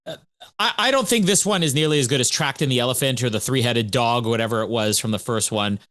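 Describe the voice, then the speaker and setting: A man co-hosting a podcast, telling stories in an animated, chatty way. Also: mid-range voice, fast, dry recording. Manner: animated, chatty storytelling with laughs. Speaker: podcast co-host. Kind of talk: casual podcast chat.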